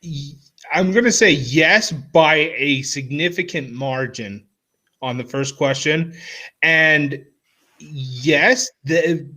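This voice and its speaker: A man's voice: a little high, takes it slowly, sharp tone. A man co-hosting a casual sports chat, teasing and laughing often. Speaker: podcast co-host.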